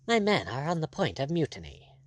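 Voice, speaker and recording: Bold, ironic buccaneer captain, blunt and firm; read by a male narrator. Animated, dry recording. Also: a little high, a little fast, no room sound.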